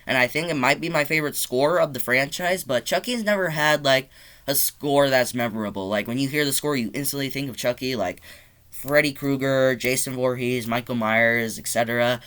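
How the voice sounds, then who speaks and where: A young man talks from his bedroom in a bright, forceful voice, gushing about a movie he loves. His talk runs loose and rambling, full of "like" and casual swearing, in an unscripted review monologue. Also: mid-range voice, normal speed. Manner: excited, rambling, swears often, says "like" a lot.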